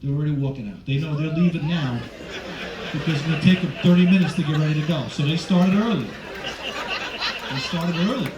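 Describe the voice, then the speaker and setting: A male comedian doing a stand-up set on a cruise ship stage, teasing the crowd loudly, with sudden jumps in pitch. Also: a little fast. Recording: echoey, distant, dull with crowd noise. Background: audience noise.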